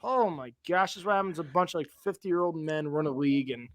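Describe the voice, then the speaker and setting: A young man co-hosting a sports podcast, ranting in an animated way with a voice that climbs higher when he gets fired up. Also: fast talker. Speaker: podcast co-host. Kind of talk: casual sports chat.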